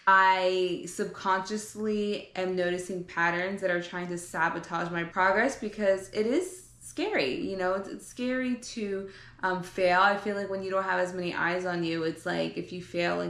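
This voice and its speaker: A woman's voice: lowish voice, fairly even intonation, moderate pace, vocal fry, a bit bright, reverberant. A young woman, a fitness vlogger and coach, talking candidly and earnestly about her journey in a casual, reflective way. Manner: candid, earnest, casual with frequent fillers and some swearing. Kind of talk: reflective personal vlog talk.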